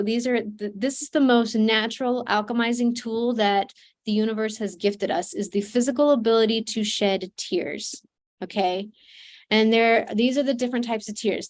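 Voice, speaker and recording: A woman's voice: fairly high pitch, a little mellow. Earnest woman teaching a healing seminar. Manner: earnest, teaching, many fillers and restarts. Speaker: seminar presenter, trauma coach. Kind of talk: online seminar talk.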